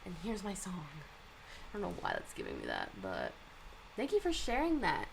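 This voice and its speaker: A young woman talks casually with a lively, bouncing pitch, full of likes and ums. Faint background hiss sits under her voice. She sounds like a streamer chatting to her viewers. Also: normal speed, vocal fry. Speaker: streamer reading manga and reacting. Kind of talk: casual chat.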